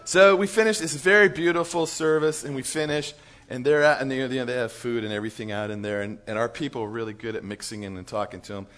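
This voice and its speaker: A man on church staff telling a lively story to church leaders, chuckling as he goes. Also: medium pitch, fast talker, few pauses. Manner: animated storyteller, chuckles through his story.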